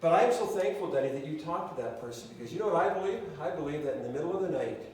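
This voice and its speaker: A man preaching a sermon as pastor, speaking haltingly with many restarts and fillers. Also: a little high, animated, a little mellow. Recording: echoey hall, mic at a distance.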